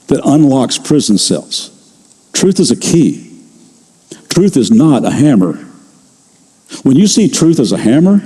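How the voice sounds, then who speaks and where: A man's voice: medium pitch, mellow, slightly rough. Older male pastor preaching in a reverberant hall. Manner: conversational storytelling, slows for emphasis. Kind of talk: sermon.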